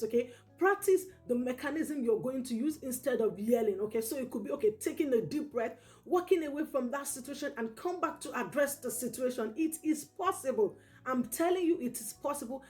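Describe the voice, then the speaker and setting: A woman's voice: high-pitched, a little mellow. Earnest woman giving parenting advice, saying "okay?" often. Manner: earnest, repetitive, peppers talk with "okay?". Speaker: parenting educator. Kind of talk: direct-to-camera parenting advice.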